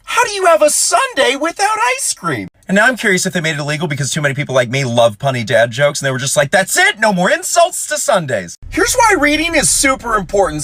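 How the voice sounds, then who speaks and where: A young man spins comic anecdotes with a lively, swooping delivery, his pitch bouncing all over and popping into high squeaks when he quotes someone. He sits close to a dry, deadened mic with no room sound. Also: no room sound. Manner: animated, playful storyteller with sudden high squeaks for quoted voices. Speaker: comedian. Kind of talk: storytelling comedy clips.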